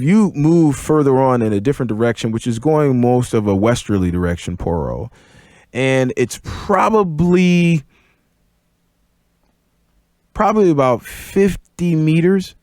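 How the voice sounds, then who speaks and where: A man running a tabletop game, describing the scene to players in a measured way. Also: medium pitch, sing-song, darkish tone, no echo, studio quality. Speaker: game master.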